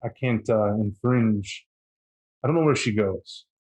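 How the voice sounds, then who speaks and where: A man's voice: lowish voice, measured pace, a little mellow, voice pushed down, natural voice, rough recording. A man voicing a proud, pompous male vampire in a tabletop game who declares his own importance. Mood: troubled, pompous.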